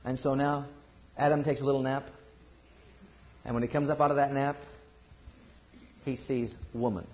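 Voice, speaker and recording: A man's voice: mid-range voice, little pitch movement, normal speed, long pauses, dull audio. A man preaching a sermon to a congregation, building emphasis and asking rhetorical questions.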